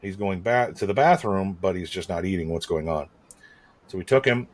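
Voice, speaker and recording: A man's voice: sits low, lively intonation, moderate pace. A man co-hosting a podcast, talking in a rambling, matter-of-fact and profane way. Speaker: podcast co-host. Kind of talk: casual podcast chat.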